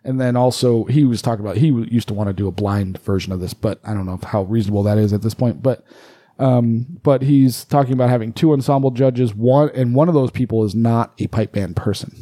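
A man with a mellow, relaxed voice co-hosts a casual podcast, rambling through explanations and swearing freely. The sound is close and dry, with no room around it. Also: mid-range voice, brisk, few pauses, no echo. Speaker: podcast co-host.

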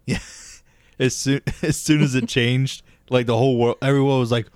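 A man's voice: medium pitch, fairly even intonation, normal speed, darkish tone, clean tone, dry recording. A man co-hosting a podcast, telling a story in casual chat, swearing and laughing often. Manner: profane, laughs often, says dude. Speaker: podcast co-host.

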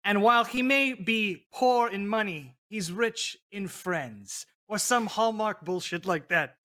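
A man playing a tabletop role-playing game, pitching plans with emphatic enthusiasm. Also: lively intonation, unhurried, pushed and bright. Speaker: player. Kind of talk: casual game chat.

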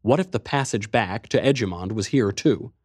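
A man's voice: on the low side, normal speed, darkish tone, slightly rough, no room sound, clean studio sound. A man narrating a first-person adventure story in a tense, driving way.

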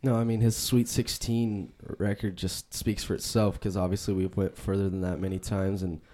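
A man's voice: deep voice, little pitch movement, moderate pace, warm tone. A man co-hosting a casual sports podcast, arguing his points eagerly. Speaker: podcast co-host.

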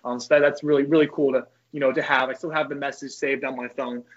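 A young man, a former college pitcher, telling loose, profane stories as a podcast guest. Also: level tone, fast, muffled recording. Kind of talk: casual podcast chat.

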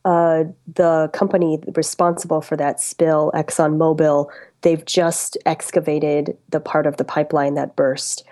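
Low-voiced woman reporter explaining her work. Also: flat delivery, unhurried, mellow. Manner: thoughtful, with frequent um and uh. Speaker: reporter being interviewed. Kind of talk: radio interview answers.

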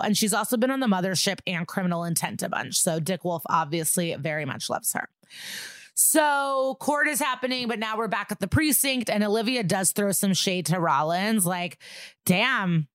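A woman's voice: medium pitch, dry recording, clean studio sound. Sarcastic, profane woman podcast host. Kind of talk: casual episode recap.

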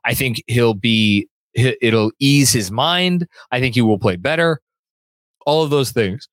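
A man's voice: medium pitch, unhurried, no echo. A man hosting a sports fan podcast, reading viewer comments aloud in a rambling way and often repeating words while he thinks. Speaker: podcast host.

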